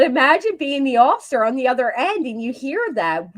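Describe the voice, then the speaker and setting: A woman commenting on an online feud, her somewhat high voice swinging widely as she laughs and jokes bluntly. She sounds close and dry, with no room around her. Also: big pitch swings, brisk, no echo. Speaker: drama commentary host. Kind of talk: casual reaction commentary.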